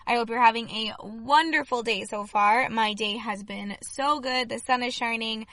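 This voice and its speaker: A young adult woman hosting a podcast in chatty, upbeat talk, her voice slightly hoarse. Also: a little high, moderate pace, a bit bright, no room sound. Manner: chatty and upbeat, many fillers. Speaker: podcast host. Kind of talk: casual solo podcast talk.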